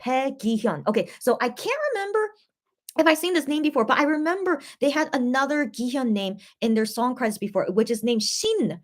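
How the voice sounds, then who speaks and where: Chatty woman with a slightly high voice. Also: lively intonation, brisk. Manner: chatty, rambling with many restarts and fillers; explains Korean phrases to viewers. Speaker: K-pop reaction host. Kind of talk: casual reaction commentary.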